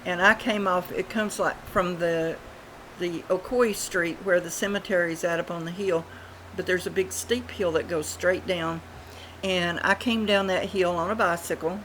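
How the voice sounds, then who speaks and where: An older woman wanders through childhood memories in a relaxed, rambling way, full of ums and restarts. Her voice sits a little low, and a faint hiss of room noise lies under her webcam recording at home. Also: poor audio. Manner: rambling, unhurried, many fillers. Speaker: vlogger. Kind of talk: casual storytelling.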